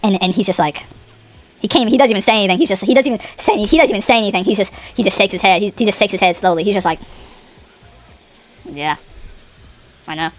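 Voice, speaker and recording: A woman's voice: mid-range voice, racing. Brief: casual female storyteller, rambling and dramatic, faint music bed. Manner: rambling, with many restarts and dramatic asides.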